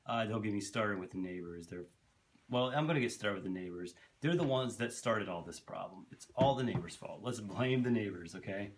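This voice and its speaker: A man's voice: fairly low pitch, animated, fairly quick. A man telling a long personal story to camera for his vlog, rambling and candid, swearing freely and tripping over his words. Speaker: vlogger.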